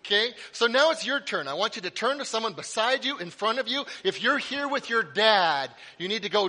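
A middle-aged man preaching a sermon in a church, telling lively stories with playful asides. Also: sits high, brisk, hardly any pauses. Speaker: pastor. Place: church sanctuary. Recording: long hall reverb.

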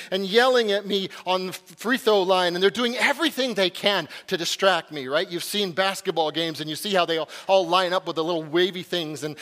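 A man telling a personal story in a sermon, animated and lively, sometimes dropping to a hushed voice. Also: high-pitched. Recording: long hall reverb.

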